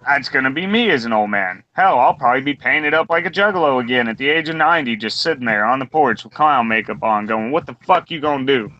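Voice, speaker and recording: A man's voice: mid-range voice, lively intonation, fast, few pauses. A man in his twenties ranting bluntly and profanely in a casual round-table talk. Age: 20s. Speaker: podcast co-host. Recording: dull lo-fi recording.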